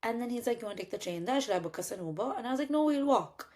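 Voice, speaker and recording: Animated young woman from India. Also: on the high side, racing. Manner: animated, acts out both sides of dialogue, swears casually. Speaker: podcast host telling a story. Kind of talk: casual storytelling chat.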